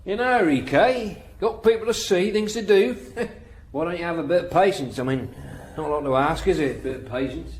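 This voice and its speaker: A man plays a sneering, casual prison officer with a British accent. His voice sits high for a man. Faint ambient noise hums behind him in this radio play. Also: fairly quick, lightly acted. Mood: mocking.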